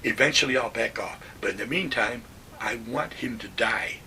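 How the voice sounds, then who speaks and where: An old man acting out a tough, furious young soldier from a rough city neighborhood, talking in blunt, menacing bursts. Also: mid-range voice, moderate pace, sharp tone, distant mic, slight background noise. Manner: menacing, blunt street talk.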